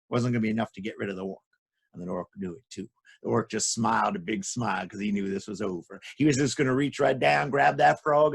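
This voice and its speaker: Gravelly, animated children's storyteller man. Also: medium pitch. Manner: animated, with sound effects. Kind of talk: lively folktale storytelling for children.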